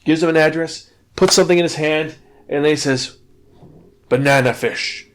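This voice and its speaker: A man hosting a podcast, casually retelling a manga plot in an animated way, with swearing and frequent stumbling restarts. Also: fairly high pitch, fairly quick, clean tone. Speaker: podcast host and manga reviewer.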